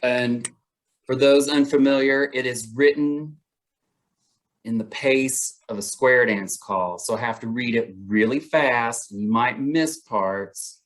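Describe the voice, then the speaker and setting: A poet reading his own poems aloud in a measured, deliberate way, with brief chat between poems. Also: medium pitch. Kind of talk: poetry reading.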